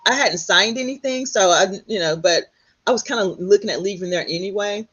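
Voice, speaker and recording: A middle-aged woman from Texas, a guest telling her story in an animated way, often acting out what others said. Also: mid-range voice, brisk, slightly rough. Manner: animated, quotes others in lively voices. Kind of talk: storytelling in conversation. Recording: dull lo-fi sound.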